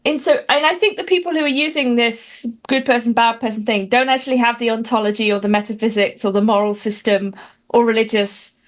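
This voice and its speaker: Woman, fairly high pitch, dry wit, halting conversational guest. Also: fairly even intonation. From Britain. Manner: dry, wry humor with many fillers and restarts. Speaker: guest commentator. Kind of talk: casual interview chat.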